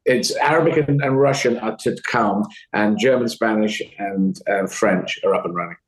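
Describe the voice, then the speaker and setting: A man in casual conversation with a slightly low voice. He rambles cheerfully and slips into acted voices for quotes. The sound is a bit roomy and echoey. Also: moderate pace. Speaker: comedian guest. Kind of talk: casual interview talk.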